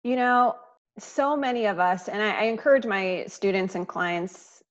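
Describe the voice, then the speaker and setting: A woman decluttering coach speaks as a podcast guest. She is earnest and reflective, with a middle pitch and small laughs. Her audio is slightly dull and muffled. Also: normal speed. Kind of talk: casual conversation.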